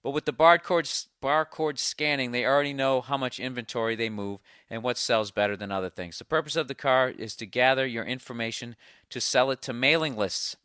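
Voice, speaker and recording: A man's voice: medium pitch, brisk, pushed and bright, clean tone, no room sound, clean studio sound. Profane, ranting male podcast host. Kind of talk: casual ranting monologue, reading listener mail.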